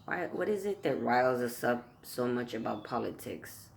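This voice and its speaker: A man's voice: medium pitch, lively intonation, normal speed, vocal fry. A man vlogging a heated rant to camera, swearing constantly and tripping over his words as he repeats himself. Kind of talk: profane political rant to camera.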